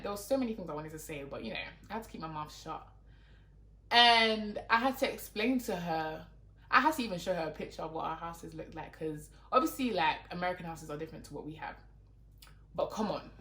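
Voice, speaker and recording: A young London YouTuber chats to camera in a roomy, echoing space, her fairly low, fairly bright voice expressive and quick. She sounds exasperated and talkative, leaning heavily on "like."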